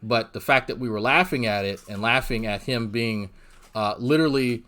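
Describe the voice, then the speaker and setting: A man's voice: mid-range voice, moderate pace, a bit bright. Male streamer, mid-range voice; exasperated, sarcastic, profane drama commentary full of fillers. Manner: profane, rambling, frequent restarts and fillers. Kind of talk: ranting livestream commentary.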